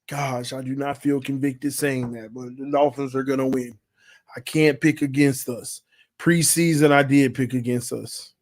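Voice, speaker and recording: A man's voice: mid-range voice, fairly even intonation, unhurried, darkish tone, no echo, clean studio sound. Tipsy, laughing man on a livestream. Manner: laughing, playful and rambling. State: a little tipsy. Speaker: fan channel host. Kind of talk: casual livestream chat.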